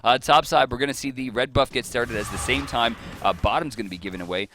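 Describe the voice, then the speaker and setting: A man's voice: medium pitch, quick pace, background noise. A man doing color commentary on an esports match, with dry, sarcastic asides. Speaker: esports co-caster.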